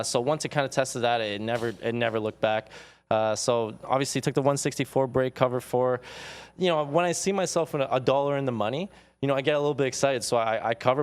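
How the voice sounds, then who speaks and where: A man on a trading show recapping his day's trades in an excited, casual way, full of fillers and "like". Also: mid-range voice, smooth. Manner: excited, filler-heavy, says "like" a lot. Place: trading floor studio.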